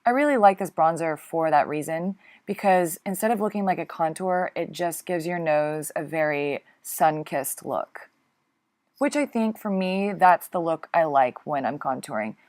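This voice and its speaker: A woman's voice: low voice, normal speed, darkish tone. A woman talking through a makeup tutorial in a chatty, flustered way, laughing often and apologizing along the way. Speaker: beauty vlogger.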